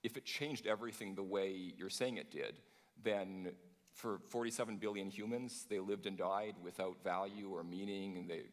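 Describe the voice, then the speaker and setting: A man with a very low voice challenges his opponent at a live debate. He asks his questions in quick, uneven bursts. The sound carries the long reverb of a large hall. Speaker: humanist debater. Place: large conference hall on stage.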